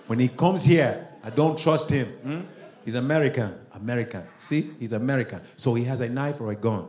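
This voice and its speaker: A man doing comedy banter, making mock-serious claims in a deadpan way. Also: mid-range voice, moderate pace. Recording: echoey room with noise.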